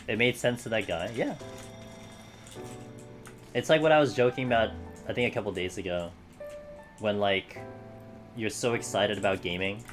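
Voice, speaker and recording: A man chatting casually with his live-stream audience while he plays, joking and swearing now and then. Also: fairly low pitch. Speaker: video game streamer. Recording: game music playing under the voice.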